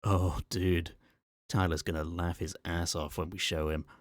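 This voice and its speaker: A man voicing a panicky young man at a party, frantic and excited, in an ASMR story reading. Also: low voice, measured pace, no room sound, clean studio sound.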